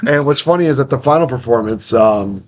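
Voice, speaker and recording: A man's voice: mid-range voice, lively intonation, brisk, a little hiss or hum. A young man hosting a casual interview, chatty and rambling, acting out little quotes as he tells stories. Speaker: podcast host.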